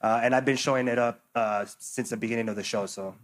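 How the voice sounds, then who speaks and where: A man's voice: medium pitch, steady tone, fast. A young man, a fighter, answering at a press conference in a loose, rambling way with lots of fillers and laughs.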